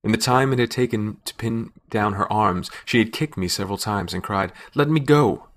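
A man narrating a fantasy story in a measured, wry storytelling manner. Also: fairly low pitch, a bit bright. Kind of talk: scripted narration.

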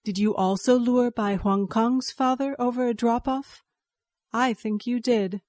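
Lady reading a rabbit-spirit wife, slow calm steady voice, storybook. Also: on the high side, no room sound, clean studio sound, lightly acted. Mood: calm resolute. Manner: calm, measured.

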